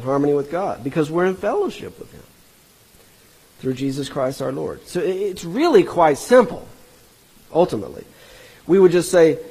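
A man's voice: fairly high pitch, a little mellow, poor audio. A man teaching through a Bible passage verse by verse, earnest and explanatory, sometimes stopping to correct himself.

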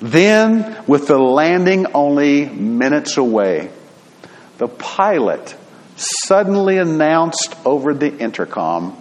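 Slow-speaking preacher in a reverberant hall. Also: male voice, fairly high pitch, very animated. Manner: storytelling, earnest and deliberate. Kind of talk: sermon.

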